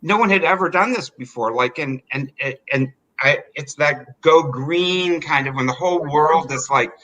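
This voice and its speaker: Guy telling a story, lots of likes, bright kinda high voice. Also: normal speed, rough recording. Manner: animated, chatty, filler-heavy. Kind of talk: live storytelling.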